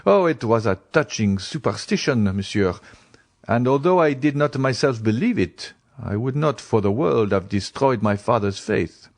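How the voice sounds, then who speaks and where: Audiobook: earnest young man, read by the narrator, lively pitch, heartfelt. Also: moderate pace, no room sound, lightly acted.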